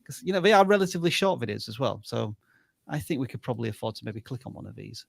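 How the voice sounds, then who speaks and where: A man co-hosting a live channel review, speaking in a measured, thoughtful way with hedges. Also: mid-range voice, big pitch swings, gravelly, no echo.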